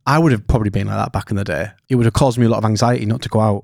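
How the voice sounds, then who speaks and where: A man's voice: on the low side, steady tone, very fast, vocal fry, few pauses, a little mellow, dry recording. A man hosting a podcast in a studio, chatty and casual, swearing now and then. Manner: chatty, swears casually, acts out his inner voice. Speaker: podcast host. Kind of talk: casual interview chat.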